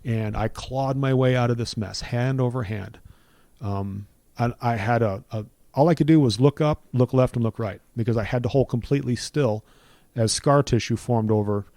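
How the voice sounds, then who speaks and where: A man's voice: medium pitch, normal speed, dark tone, no room sound. A middle-aged man giving an earnest personal testimony in conversation, building his points with repeated phrases like a preacher.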